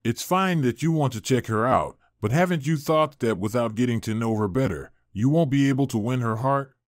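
Storybook older mother, gentle and sly, read by a man in a dry, mid-pitched voice. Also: fairly quick, dry recording, lightly acted. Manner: soft, hopeful.

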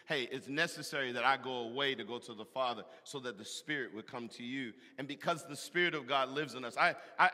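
A man preaching a sermon, animated and emphatic, with loud bursts and call-and-response to the congregation. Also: mid-range voice. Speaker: pastor. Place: large church hall. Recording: echoey hall from a distance.

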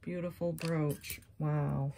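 A woman's voice: low-pitched, takes it slowly, gravelly. A woman vlogger with a scratchy voice, chatting casually and gushing as she shows off thrifted jewelry, sometimes dropping to a near-whisper. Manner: gushing, excited exclamations. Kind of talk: casual show-and-tell chat.

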